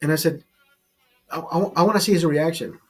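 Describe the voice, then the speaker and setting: A man's voice: a little high, fairly quick, husky, soft background music. A man hosting a casual show, telling a rambling, profane story with many restarts and repeated words. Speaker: host.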